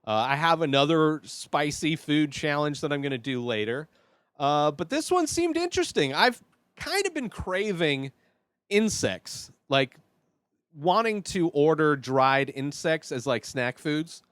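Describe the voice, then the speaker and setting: Host, male, slow and dry: a jittery rambler who drops to mutters and then bursts out loud. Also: fairly high pitch, lively intonation, clean tone, no room sound. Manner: nervous and rambling, many fillers; swings between quiet mutters and loud outbursts. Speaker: show host. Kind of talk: casual solo vlog.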